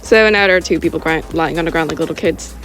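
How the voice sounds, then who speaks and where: A woman's voice: deep voice, fast talker, over music. A woman reading her own story aloud in a casual way, correcting herself as she goes. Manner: informal, with self-corrections and giggles.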